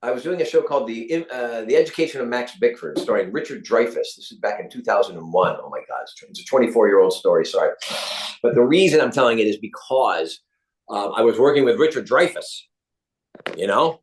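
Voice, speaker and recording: A middle-aged man, a guest actor, telling animated stories and acting out the people in them. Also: medium pitch, fairly quick, a little hiss or hum. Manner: acts out quoted voices, lively. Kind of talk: animated storytelling.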